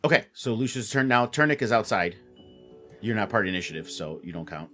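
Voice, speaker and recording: A man narrating a tabletop game as its game master, his voice bright and sharp. His pitch swings lively as he rules on turns and laughs along with his players. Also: quick pace, soft background music. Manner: laughs often, amused.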